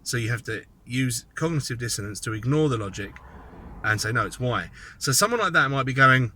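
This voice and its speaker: A man delivers a casual commentary monologue, his voice very bright and sharp. He rambles, thinks aloud and slips in mocking, sardonic asides. His pitch sits in a middling range for a man. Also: animated, a little fast, a little hiss or hum. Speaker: political commentator.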